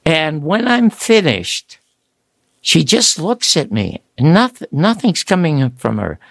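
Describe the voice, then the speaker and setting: Gravelly older man telling stories. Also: a little high, slow pace, dry recording. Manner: animated, rambling storyteller. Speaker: guest author. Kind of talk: storytelling interview.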